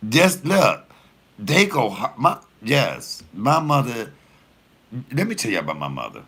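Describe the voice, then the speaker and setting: A comedian man tells stories to his viewers in a lively, swooping voice that sits low and turns gravelly. His tone has a bright, forceful edge, and he swears freely as he talks. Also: measured pace. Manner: animated, profane, laughing storyteller; addresses viewers directly. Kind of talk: casual storytelling to viewers.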